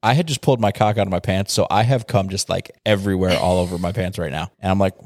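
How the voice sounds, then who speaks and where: A man's voice: low voice, fast talker, a little mellow, dry recording. A man co-hosting a podcast, telling a story in frank casual chat, laughing often and acting out quoted lines. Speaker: podcast co-host.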